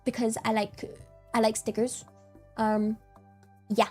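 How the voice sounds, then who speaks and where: A woman's voice: a little high, unhurried, husky, faint music behind. A young woman streaming and chatting casually, rambling and giggly, often repeating herself. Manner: giggly, rambling, repeats words, easily excited. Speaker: vtuber streamer.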